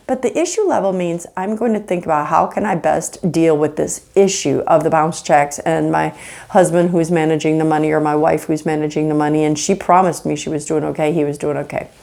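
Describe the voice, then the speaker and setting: Marriage counselor, woman, earnest and lively, acts out scenes while teaching. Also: lowish voice. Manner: animated, earnest, acts out example dialogues. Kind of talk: faith-based relationship teaching.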